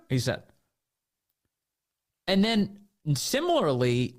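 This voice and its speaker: A man hosting a talk radio show, giving animated, indignant commentary and acting out mocking quotes. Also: mid-range voice.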